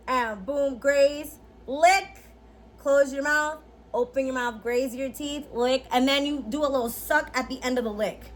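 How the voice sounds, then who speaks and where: A woman in her twenties giving a casual, slangy tutorial as a vlogger, animated and quick to laugh. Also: high voice. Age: 20s.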